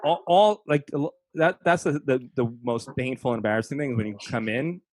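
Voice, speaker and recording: A man's voice: mid-range voice, normal speed, no room sound. Male comedian, casual anecdotes, dry close sound, self-deprecating delivery. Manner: self-deprecating storyteller, acts out people he quotes. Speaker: comedian guest telling stories. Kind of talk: casual chat.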